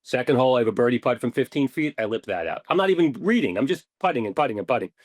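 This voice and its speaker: A man, a podcast guest, telling stories in a casual, animated way, swearing now and then and acting out what people said. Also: mid-range voice, racing, no room sound, clean studio sound. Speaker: podcast guest, ball marker maker. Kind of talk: casual storytelling interview.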